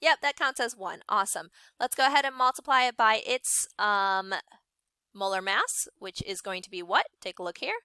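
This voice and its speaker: A young woman science teacher running an online class, upbeat and encouraging, briskly calling on students by name. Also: medium pitch, lively intonation, pushed and bright, clean tone, no echo.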